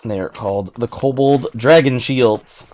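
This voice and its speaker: A man's voice: medium pitch, a little mellow, a little hiss or hum. A man narrating a tabletop game as game master, chuckling now and then. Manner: slow, unhurried narration with chuckles.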